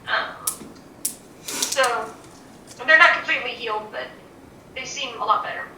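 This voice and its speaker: A woman acting as game master, narrating a tabletop game in a lively, descriptive way. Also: on the high side, measured pace. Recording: roomy, distant mic, faint noise.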